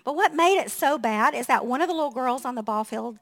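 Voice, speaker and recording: A woman pastor in her fifties preaches with a high, bright-sitting voice. She talks in a chatty, animated storytelling way, often breaking into laughter and acting out what people said. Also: fairly quick. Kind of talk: storytelling sermon.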